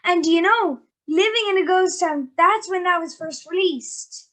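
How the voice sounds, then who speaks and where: High-voiced chatty woman host. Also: unhurried, fairly bright tone. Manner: chatty, giggly, full of ums and likes. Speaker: interviewer and host. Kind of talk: casual interview chat.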